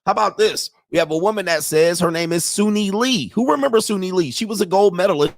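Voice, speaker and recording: This podcast host talks fast in a high, creaky voice, rambling and cursing through casual live-streamed commentary with frequent laughter. He records from his computer using its mic and webcam. The audio is dry and studio quality.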